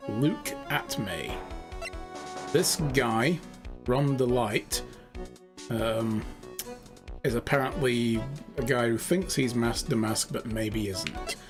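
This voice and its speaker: A man comments on a video game in a loose, joking way, dropping swear words as he goes. His voice sits in a middle pitch, with game music clearly audible behind him. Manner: casual, joking, swears freely. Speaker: streamer. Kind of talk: let's play commentary.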